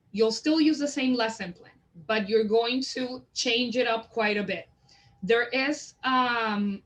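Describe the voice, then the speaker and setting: A woman training teachers in a literacy method, explaining it and sounding out example words slowly and deliberately. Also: on the high side, rough recording. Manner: slow, deliberate word modeling. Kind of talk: instructional demonstration.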